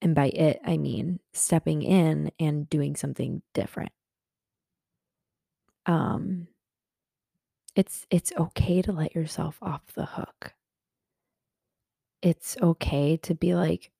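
Young woman podcast host, gravelly low voice, earnest self-help chat with lots of fillers, dry close sound. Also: fairly even intonation, slow, long pauses, dark tone, no room sound. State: a little hungover. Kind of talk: casual self-help talk. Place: in her bed at home.

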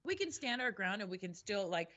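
Blunt, bright-voiced woman. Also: mid-range voice, big pitch swings, a little fast, muffled recording. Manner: blunt, emphatic and profane. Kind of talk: casual discussion.

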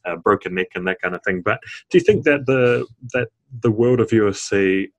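A man hosting a podcast, asking measured, probing interview questions. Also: fairly low pitch, animated. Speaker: podcast host.

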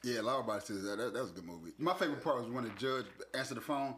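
A man's voice: mid-range voice, very fast, very noisy. A man in casual chat who laughs a lot and repeats himself. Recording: echoey room.

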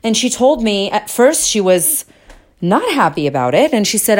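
A woman's voice: mid-range voice, sing-song, normal speed. A woman hosting a solo podcast, telling a personal story in an earnest, emotional, confessional way and repeating herself for emphasis. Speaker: podcast host.

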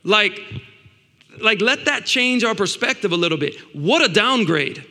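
A man preaching a sermon in an excitable way, stumbling and repeating words, swinging between loud bursts and hushed asides. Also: high voice, unhurried, long reverb tail.

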